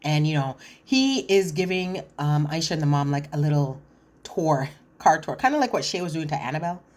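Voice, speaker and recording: A woman's voice: deep voice, expressive, brisk, a little mellow. A woman giving a chatty, blunt, slangy recap of a reality show, with lots of fillers. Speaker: reality TV commentator. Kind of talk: casual recap commentary.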